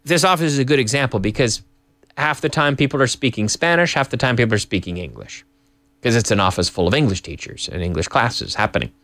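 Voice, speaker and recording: A man's voice: mid-range voice, quick pace, dry recording. A man teaching English in a live-streamed lesson, his voice rising and falling with lots of movement. He circles back and restarts phrases, mixing in bits of Spanish. The sound is close and dry, with little room around it. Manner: animated, repeats and restarts, slips in Spanish phrases. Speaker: English teacher and show host. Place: office with English classes.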